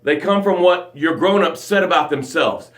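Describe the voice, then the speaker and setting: An American man hosting a live motivational show, preaching in a dramatic way that swings from loud bursts to hushed tones. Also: on the high side, moderate pace, roomy sound. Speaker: motivational coach and show host.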